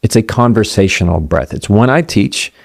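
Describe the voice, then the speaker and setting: Man coaching with slow emphasis. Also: fairly low pitch, lively intonation, creaky. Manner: conversational, acts out quoted voices, slows down for emphasis. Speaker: communication coach. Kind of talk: motivational talk.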